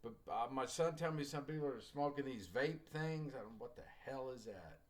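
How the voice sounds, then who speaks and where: A man's voice: medium pitch, normal speed. A middle-aged man teaching a writing class, telling casual anecdotes and acting out the dialogue in them. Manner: folksy storyteller, acts out quoted dialogue, joking asides.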